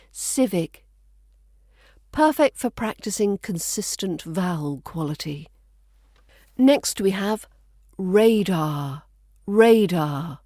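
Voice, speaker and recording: A woman with a southern English RP accent teaching pronunciation, repeating each model word slowly and carefully. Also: medium pitch, warm tone, dry recording, clean studio sound. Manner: slow, deliberate, repeats model words. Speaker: accent coach. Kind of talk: pronunciation lesson.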